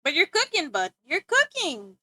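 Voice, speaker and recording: A woman's voice: very high-pitched, wildly swooping pitch, normal speed, sharp tone, no echo. A woman streaming live, chatting casually with her viewers, often giggling and talking back to chat. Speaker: livestreamer.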